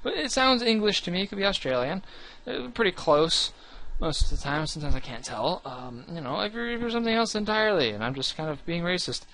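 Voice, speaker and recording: A man's voice: high-pitched, very animated, brisk, hardly any pauses, a bit bright. Rambling, earnest young man. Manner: rambling, restarts often, earnest and self-deprecating. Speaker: gaming channel host. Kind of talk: casual talk to camera about his channel.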